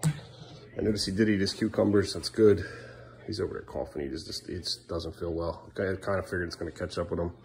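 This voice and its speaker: A man's voice: low-pitched, fairly even intonation, a little fast, gravelly, a little mellow. A man in his thirties at home filming a casual family vlog, coaxing his small children playfully and muttering asides. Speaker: father filming his kids.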